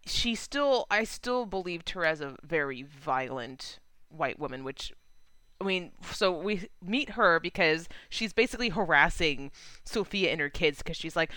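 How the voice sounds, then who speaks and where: A woman co-hosting a casual movie podcast, animated and swearing freely as she recaps scenes. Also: a little slow, no room sound. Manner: animated, swears freely, acts out characters in high voices. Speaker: podcast co-host.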